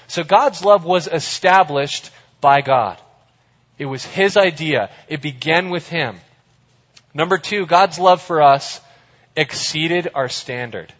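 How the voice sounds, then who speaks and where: A man preaching a sermon, emphatic, slowing down for scripture and turning loud and playful with his audience. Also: fairly high pitch. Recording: echoey hall, dull sound.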